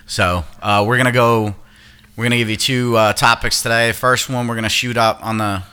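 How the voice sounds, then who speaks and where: A man's voice: mid-range voice, steady tone, a little fast, sharp tone, smooth. A man hosting a casual podcast chat, rambling, swearing now and then and explaining at length. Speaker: podcast host.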